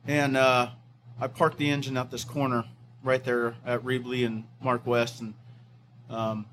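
Fire captain telling a halting story. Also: male voice, medium pitch, little pitch movement, a bit bright, a little hiss or hum. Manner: halting storytelling with many fillers and restarts; acts out quoted voices of others. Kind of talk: recounting a wildfire evacuation.

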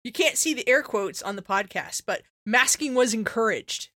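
Slightly high and moderately paced, this woman's voice comes through a clean studio recording without echo. In her thirties and working as a vet, she co-hosts a podcast as an animated storyteller, performing her own lines and leaning on fillers like "like" and "you know".

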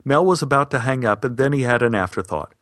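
A man recounting a personal story in a wry, deadpan way, with a middle-pitched voice. The recording is dry and close, with no room sound. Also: quick pace, no echo.

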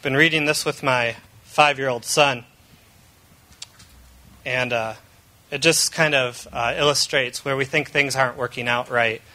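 A man's voice: mid-range voice, fairly even intonation, measured pace, pauses often, sharp tone. A man in his thirties, a pastor giving an earnest, conversational sermon. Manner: earnest and conversational, with frequent fillers and restarts.

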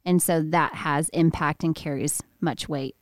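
A woman's voice: deep voice, steady tone, a little slow, dry recording, studio quality. A woman guest speaking candidly and earnestly in a casual faith-based chat.

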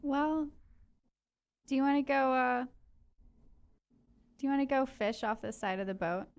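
A woman playing in a tabletop game, speaking gently and hesitantly with many restarts. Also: high voice, unhurried, clean tone.

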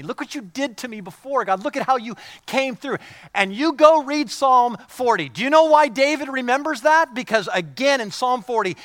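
A man preaching a sermon as pastor, passionate and repeating words, swinging between loud emphasis and hushed, quiet lines. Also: high-pitched, no room sound.

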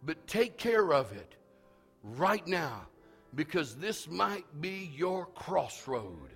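A pastor preaching a sermon, telling a story that swells into shouted calls to the congregation. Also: male voice, a little high, very animated, takes it slowly, vocal fry, slightly rough, big-room sound, faint music behind. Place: church sanctuary.

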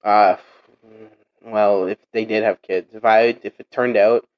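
A man's voice: fairly low pitch, steady tone, unhurried, highs cut off. Rambling young man in casual chat. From Portuguese heritage. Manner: rambling, many fillers and restarts.

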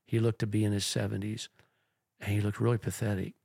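A man's voice: lowish voice, little pitch movement, a little fast, vocal fry, darkish tone, husky, no echo, clean studio sound. A man who is a pastor, telling a long story in a rambling, earnest podcast chat.

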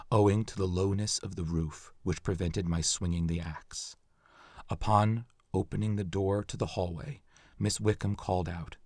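A man reading aloud, in a quiet, subdued voice, the confession of a convicted axe murderer from the 1800s. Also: low-pitched, husky, dry recording, studio quality, voice pushed down, full character voice.

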